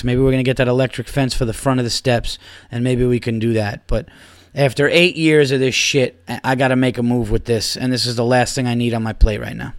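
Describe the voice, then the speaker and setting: Profane rambling man, smooth dry voice. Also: mid-range voice, no room sound. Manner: profane, rambling, laughs through stories. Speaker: podcast host. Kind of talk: casual storytelling monologue.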